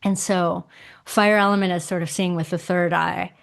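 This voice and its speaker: A middle-aged woman with a slightly low voice, chatting as a podcast guest. She explains things in a lively, expressive way, slipping into acted-out quotes with punchy emphasis. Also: moderate pace, gravelly, clean tone. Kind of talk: casual conversational explanation.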